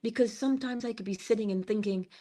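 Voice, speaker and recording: A woman's voice: a little high, fast. A woman hosting a morning inspiration stream, giving a motivational talk with emphasis, dropping to a whisper on key phrases and acting out little scenes. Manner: animated, laughs and acts out little scenes.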